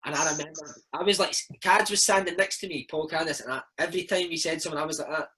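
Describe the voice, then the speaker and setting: A Scottish man in his thirties, a former footballer, telling animated stories in a casual interview and slipping into impressions. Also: fairly high pitch, fast, slight background noise, poor audio. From Scotland. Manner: animated storyteller, slips into impressions of his old coach.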